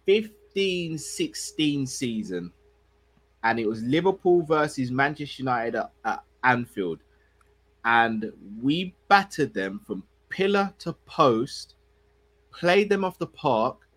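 A man, co-hosting a casual football podcast in a relaxed, slangy and measured way. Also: mid-range voice. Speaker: podcast co-host.

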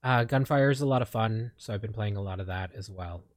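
A man's voice: fairly low pitch, fairly quick, dry recording. Rambling young Filipino man, dry sound. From Philippines. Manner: rambling, many fillers and restarts. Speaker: streamer and podcast co-host. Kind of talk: casual chat.

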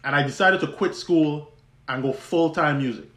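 A man's voice: on the high side, normal speed, fairly bright tone. Man storytelling in a roomy echo. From U.S. Virgin Islands. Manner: conversational, many restarts, laughs easily. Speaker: podcast host. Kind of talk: personal storytelling monologue.

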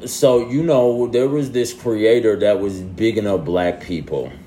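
A young man talking casually to his followers in a loose, slangy way that sometimes climbs into loud, exasperated ranting. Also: fairly low pitch, unhurried, slight background noise. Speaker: social media creator. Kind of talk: casual vlog monologue.

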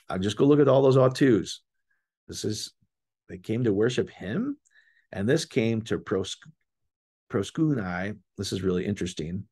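A man with a husky, slightly low voice leads a casual scripture word study. He explains each term with eager enthusiasm and keeps turning to his listeners directly. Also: darkish tone. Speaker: bible teacher.

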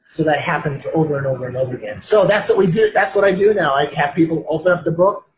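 A male author speaking in an interview, storytelling with animated delivery. He rises and falls in pitch and doubles back on phrases as he talks. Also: fast, a crowd in the background, rough recording. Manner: expressive storyteller, acts out quoted voices, repeats words.

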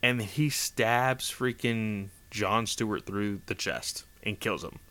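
A man casually recapping a story in a rambling, animated way, full of fillers. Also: on the low side, slow pace. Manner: rambling, animated, lots of "like" and "you know". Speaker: comic book recap host.

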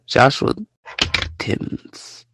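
A man hosting a live audio show, ranting in casual slang and often jumping into high, mocking quotes. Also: extremely slow, background noise. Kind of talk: casual rant to listeners.

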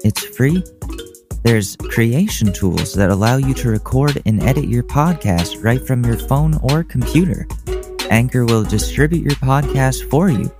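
A man giving a brisk, promotional sponsor read for a podcast. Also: mid-range voice. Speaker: podcast host reading a sponsor ad. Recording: voice over clear guitar music.

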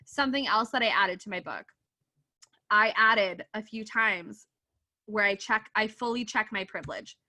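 A woman in her twenties from Canada, a coach and author talking as a podcast guest, animated, laughing often and swearing freely as she acts out her own quotes. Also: mid-range voice, normal speed. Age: 20s. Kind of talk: casual podcast interview.

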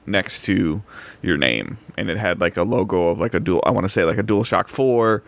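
A man co-hosting a gaming podcast in casual chat, halting along with many fillers and restarts. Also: low-pitched, animated, creaky. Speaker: podcast co-host.

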